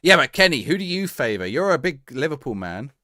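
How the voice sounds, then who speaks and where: A man live-streaming gameplay, joking and thinking aloud. His voice swings widely in pitch. The sound is dry and close to the mic. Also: big pitch swings, fairly quick, pushed and bright, no echo. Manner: playful, joking, talks to the game and AI.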